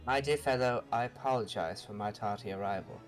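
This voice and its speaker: A man's voice: lowish voice, fairly quick, faint music behind, lightly acted. A man voicing a grand, eccentric Victorian detective with formal, theatrical phrasing, reading game dialogue aloud with friends. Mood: courteous.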